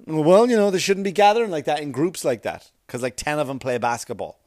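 A man's voice: on the high side, a little fast, a little mellow, no echo, studio quality, close to an everyday voice. A man voicing his nagging busybody wife in a stand-up bit. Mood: defensive. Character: nagging busybody wife, middle-aged woman.

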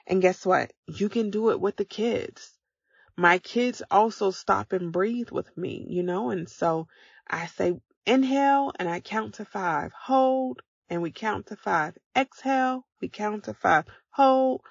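A woman with a gravelly, fry-tinged voice talks her podcast listeners through simple steps in an encouraging, coaching way. The sound is dry and close, with a slightly dull, lo-fi tone. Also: fairly low pitch, no room sound. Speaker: podcast host. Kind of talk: motivational podcast talk.

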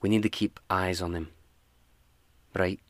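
A man's voice: deep voice, fairly even intonation, a little slow, no echo. A man voicing a suspicious female dwarf builder, speaking hesitantly. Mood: worried.

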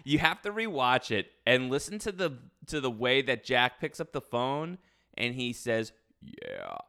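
A man's voice: medium pitch, normal speed, pushed and bright, smooth. A man hosting a podcast, chatting casually through a recap with lots of fillers. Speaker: podcast host.

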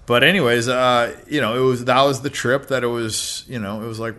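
Podcast guest, American man, thirties, loose profane storyteller, sharp bright tone. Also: mid-range voice, steady tone, a little fast, hardly any pauses. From United States. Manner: laid-back, heavy swearing, many fillers. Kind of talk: casual storytelling.

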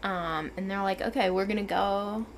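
A woman's voice: mid-range voice, fairly even intonation, normal speed, slight background noise. A woman co-hosting a book club podcast in casual chat. She is chatty, laughs often and fills her talk with ums and likes.

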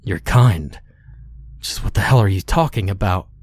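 Man doing a scared, defiant old man, panicked outbursts, low-pitched. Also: a little slow, a little mellow, slight background noise, lightly acted. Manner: panicked, demanding.

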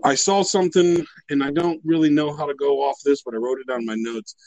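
A man's voice: on the high side, fairly even intonation, fairly quick, darkish tone, no echo, rough recording. A man co-hosting a casual podcast chat, rambling and profane, with a sarcastic edge.

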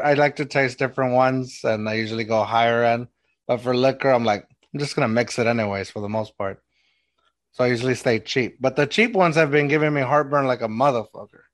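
A man, hosting a casual chat, laid-back, laughing easily and swearing. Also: mid-range voice. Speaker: podcast host.

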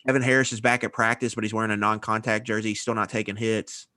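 A man's voice: lowish voice, flat delivery, fast talker, pushed and bright, no echo, clean studio sound. A man co-hosting a casual college football podcast, running through his notes in a matter-of-fact way. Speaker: podcast co-host. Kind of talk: casual sports chat.

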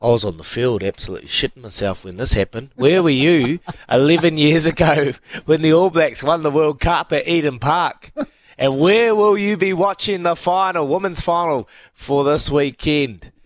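A man's voice: on the high side, moderate pace, no echo. A man with a New Zealand accent hosting breakfast radio in his thirties, telling stories in slangy banter. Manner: laid-back storytelling, slangy. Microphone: studio microphone.

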